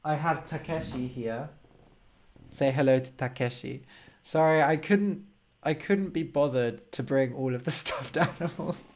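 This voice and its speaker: Streaming live from his home, a man with a fairly high, darkish voice teaches English against a slight hiss or hum. He keeps asking "okay?" as he patiently walks through words with slow, simple, encouraging explanations.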